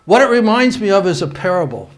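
A man's voice: high-pitched, sing-song. A man preaching a sermon, reading scripture aloud with rising emphasis and making asides to his congregation. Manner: pauses and restarts mid-sentence. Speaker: pastor.

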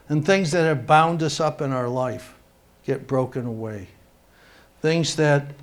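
A man preaching a sermon, reading scripture aloud with rising emphasis and making asides to his congregation. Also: mid-range voice. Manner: pauses and restarts mid-sentence. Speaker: pastor.

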